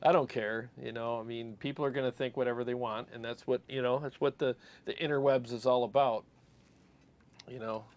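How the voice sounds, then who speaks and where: A man's voice: mid-range voice, fairly even intonation, a little fast, darkish tone. A man co-hosting a casual livestream, laid-back and joking, calling people "man" and "dude.". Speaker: co-host of a guitar tone livestream.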